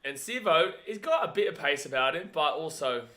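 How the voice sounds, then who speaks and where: A man hosting a live watch-along of a rugby league match, chatting casually and getting excitable, at times yelling at the screen. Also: fairly high pitch, a little fast.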